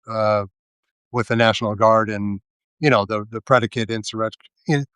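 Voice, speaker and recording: A man speaking slowly and haltingly in a casual political commentary, sardonic and full of fillers and restarts. His voice sits at a middle pitch, heard close and dry with no room sound. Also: a bit bright, no room sound. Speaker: live video host.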